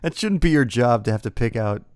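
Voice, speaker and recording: A man's voice: mid-range voice, lively intonation, a little fast, darkish tone, clean tone, no echo, clean studio sound. A man hosting a comedy podcast, playing straight man with playful questions and frequent laughs. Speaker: podcast host.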